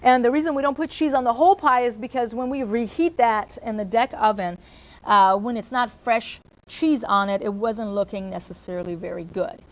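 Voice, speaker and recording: A woman's voice: fairly high pitch, moderate pace. Woman explaining restaurant procedures to staff. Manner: explanatory, with fillers and self-corrections. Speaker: restaurant trainer. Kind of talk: staff training talk.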